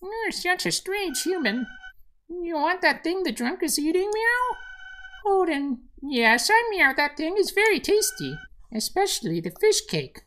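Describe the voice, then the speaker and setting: A woman's voice: extremely high pitch, sing-song, a little slow, fairly bright tone, pitched above the performer's own voice, heavily acted, rough recording. A woman voicing a chatty, cheeky cat from a video game who tacks meows onto her speech. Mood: playful. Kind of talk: video game voice-over reading.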